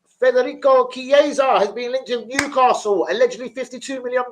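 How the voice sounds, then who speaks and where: There's a little hiss or hum as a young man hosts a jokey live stream about football transfers, reading out viewers' names. His voice is very high-pitched and fairly quick, and his manner animated.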